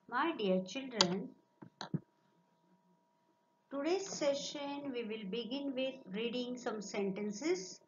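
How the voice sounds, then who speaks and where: An Indian English woman, a Marathi speaker, teaches children in a slow, encouraging classroom manner and reads sentences aloud for them to repeat. Her voice sits a little high. The recording is roomy and lo-fi with a faint hiss. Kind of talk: online classroom lesson for children.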